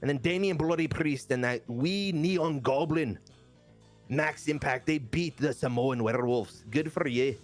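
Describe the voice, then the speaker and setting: A man telling the story of a wrestling video game in casual, animated commentary with crude jokes. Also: a little high, unhurried, faint music behind.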